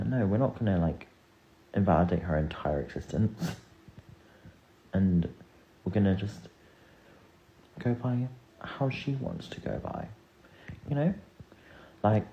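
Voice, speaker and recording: Earnest low-voiced speaker, lo-fi mic. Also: male voice. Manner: rambling, earnest, confiding. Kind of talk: casual live-stream chat.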